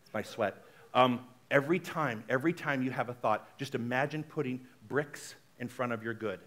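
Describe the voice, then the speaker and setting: A male minister giving a conversational sermon, animated and chatty, often checking in with the congregation. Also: medium pitch, normal speed. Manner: chatty, frequently asks the congregation "right?"; animated, shifts between loud exclamations and soft asides.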